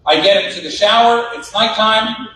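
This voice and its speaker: A man doing stand-up comedy in a large banquet hall, telling stories in an animated, punchy way with repeated asides. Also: high-pitched, moderate pace, noisy background. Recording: echoey banquet hall, distant mic.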